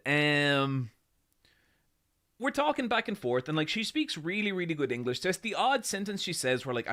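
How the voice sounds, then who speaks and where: A man on a podcast, chatting casually and telling a long story. He rambles and restarts often, mocks himself in a laid-back way, and swears without much thought. His voice sits at an average pitch. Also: a bit bright. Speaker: podcast co-host. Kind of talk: casual chat.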